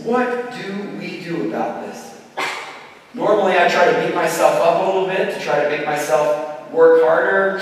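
A middle-aged male pastor preaching a sermon in a large church, earnest and slowing down to stress key words. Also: high-pitched, slight background noise. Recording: echoey hall from far off.

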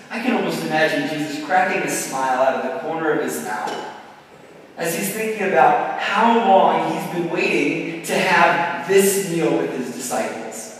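Earnest pastor preaching in an echoey hall. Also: male voice, fairly high pitch, distant mic, a little hiss or hum. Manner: earnest, slows down to stress key words. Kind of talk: sermon. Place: large church sanctuary.

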